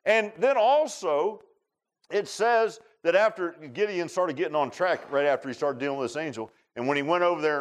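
A man preaching a sermon in a folksy, conversational way. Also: on the high side. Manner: folksy, conversational preaching with rural Southern grammar.

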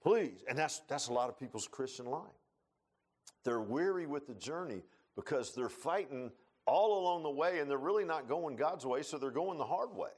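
A man preaching a folksy sermon, telling stories and building to loud emphatic points. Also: mid-range voice, animated, normal speed, husky. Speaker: pastor.

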